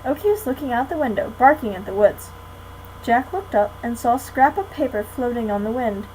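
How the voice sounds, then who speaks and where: A teenage girl reads a children's chapter book aloud to a class. She keeps a friendly, clear read-aloud manner, and her voice sits fairly high. A faint hiss runs under the recording. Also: expressive, brisk, a little mellow, low-quality recording. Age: teens. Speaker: guest reader.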